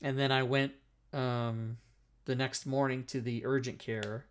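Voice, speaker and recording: This middle-aged talk show host spins a long personal story in relaxed conversation, his medium-pitched voice smooth, level in tone, and measured in pace. He wanders off track, curses a lot, and repeatedly cuts himself off.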